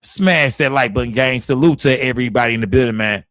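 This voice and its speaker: A man's voice: medium pitch, fast, a bit bright, no echo, clean studio sound. A man from Texas, hosting a casual livestream, talking loosely and profanely straight to his chat. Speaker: livestream host.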